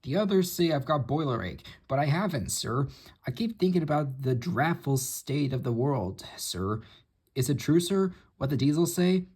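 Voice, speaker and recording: A proud, grumpy big steam engine from a storybook, huffy and full of self-pity, as a man reads him aloud. His husky voice swings widely up and down. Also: on the high side, animated, moderate pace, darkish tone, voice pushed up. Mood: mournful.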